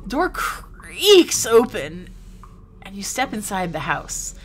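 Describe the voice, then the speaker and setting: A woman's voice: medium pitch, sing-song, slow pace, faint music behind. A young woman streaming a game live, chatting casually and reading game text aloud playfully.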